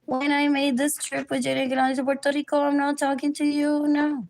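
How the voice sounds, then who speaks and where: A woman's voice: high voice, monotone, moderate pace, a little mellow. A woman rambling through a livestream monologue, drifting between topics and repeating herself.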